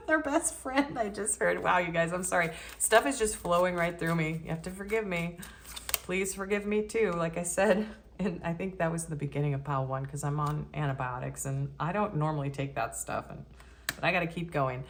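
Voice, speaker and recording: A woman with a notably deep voice talks through a casual tarot reading. She keeps it chatty and cheeky and laughs easily as she speaks. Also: fairly quick, a little hiss or hum. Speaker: tarot reader.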